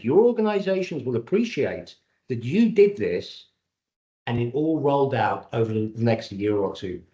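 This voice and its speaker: A man's voice: mid-range voice, darkish tone. A man from Cyprus and Britain presenting a live webinar over a video call, jokey and salesman-like. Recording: dull lo-fi webinar audio.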